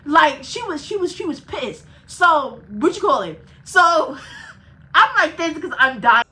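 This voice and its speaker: A young woman vlogger telling a casual storytime, animated and profane, laughing between phrases. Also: sits high, measured pace, low-quality recording.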